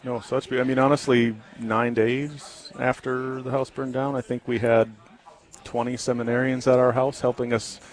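A man guesting on a talk radio interview, speaking earnestly and haltingly with many ums and restarts. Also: mid-range voice, level tone. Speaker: guest, ministry founder.

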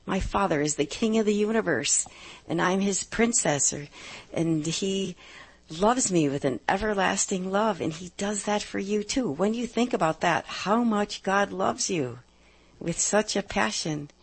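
A middle-aged woman hosting a live advice radio show, upbeat and emphatic, slowing down to stress key points. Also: medium pitch, breathy edge. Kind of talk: live call-in radio talk.

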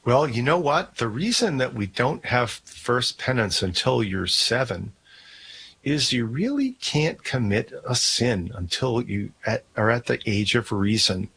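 A man hosting a talk radio show, giving calm explanations. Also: mid-range voice, unhurried, creaky, a little hiss or hum. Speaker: radio host.

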